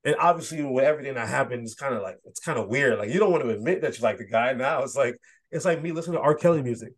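A man's voice: medium pitch, racing. A man co-hosting a casual sports podcast, joking and teasing in a slangy way and laughing often. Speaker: podcast co-host.

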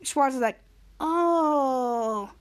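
High-voiced excited podcast host. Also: female voice, very slow. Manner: excited, acts out characters' lines while retelling. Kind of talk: casual episode recap.

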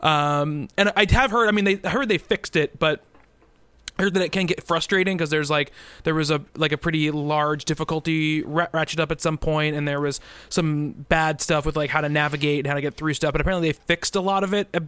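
A man's voice: fairly high pitch, steady tone, brisk, a bit bright, clear, resonant tone, no room sound. A man co-hosting a gaming podcast, chatting casually and rambling with frequent fillers and restarts. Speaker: podcast co-host. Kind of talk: casual chat.

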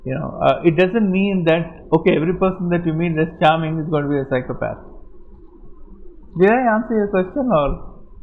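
Man, lecturing students, animated storytelling, fairly high voice, muffled lo-fi sound. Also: normal speed, a little hiss or hum. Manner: animated storytelling, many fillers, rhetorical questions. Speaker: guest speaker.

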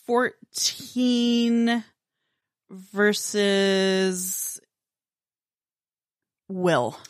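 A woman's voice: medium pitch, fairly even intonation, very slow, no echo. A woman plays a tabletop game and works through her turn carefully, thinking aloud. The recording is dry, with no room sound. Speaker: player.

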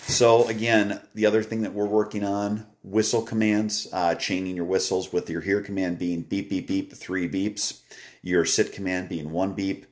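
A man with a very deep, low voice talks through dog training on a live stream. He is relaxed, a bit tired and rambling, leaning on plenty of "uh"s as he chats casually. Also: moderate pace. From Wisconsin. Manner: relaxed and rambling, frequent "uh" fillers. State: tired, yawning. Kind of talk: casual live-stream chat answering comments.

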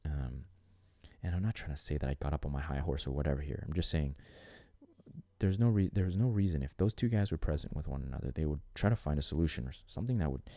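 A man's voice: very deep voice, animated, fast, warm tone, no echo. A man hosting a solo podcast on fatherhood, talking in an earnest, rambling way with many restarts and fillers. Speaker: podcast host. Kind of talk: reflective solo podcast monologue.

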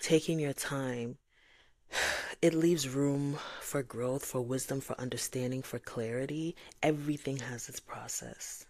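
Low-voiced woman in a dry close recording. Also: a little slow, dry recording. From Nigeria. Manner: animated, acts out voices of God and others. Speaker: podcast host. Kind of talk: faith-based reflective monologue.

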